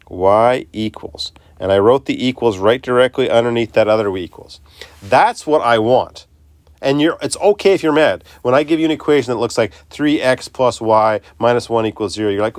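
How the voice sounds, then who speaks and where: A man with a somewhat low voice teaches a recorded math lesson into a close mic. He chats along and interrupts himself as he walks students through each step. The sound is dry and close. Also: no echo. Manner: chatty, self-interrupting, talks students through steps.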